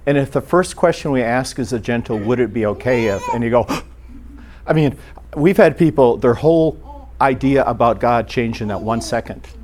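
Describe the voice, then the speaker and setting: A man's voice: mid-range voice, brisk, darkish tone, slight background noise. Brief: middle-aged male pastor, informal teaching, chatty delivery with acted-out quotes. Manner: conversational, acts out short quoted exchanges.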